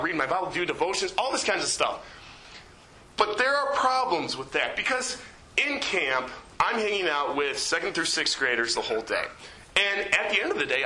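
A man in his twenties, a youth leader giving a chatty, animated sermon in a church, with lots of fillers. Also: high voice, reverberant, slight background noise, low-quality recording. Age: 20s. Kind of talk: informal sermon.

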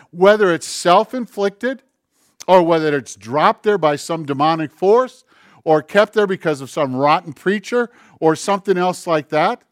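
A male pastor delivers a sermon in an earnest, conversational voice that sits a little high for a man. He slows down to lean on key phrases and slips into acted-out asides. The sound is close and dry. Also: no room sound. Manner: acts out dialogue and asides.

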